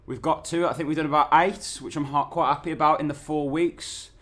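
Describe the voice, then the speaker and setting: A man's voice: a little high, steady tone, brisk, a bit bright. A young man, talking in a chatty, rambling and sweary way in a casual travel vlog. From England. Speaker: vlogger.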